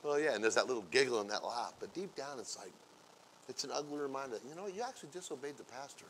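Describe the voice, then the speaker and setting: A man preaching as a pastor, acting out everyday scenes in playful quoted voices and building from quiet asides to loud, drawn-out exclamations. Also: medium pitch, lively intonation, a little hiss or hum. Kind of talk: sermon.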